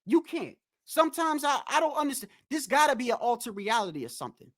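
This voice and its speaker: A man's voice: very high voice, quick pace, dry recording. Blunt ranting man on a dry mic. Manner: blunt, animated, cursing, addresses chat. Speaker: livestream host. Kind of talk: casual live-stream rant.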